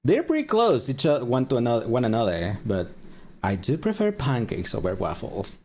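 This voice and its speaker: A man streaming a game, chatting casually with viewers and rambling with halting pauses. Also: mid-range voice, wildly swooping pitch, darkish tone. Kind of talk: casual live-stream chat.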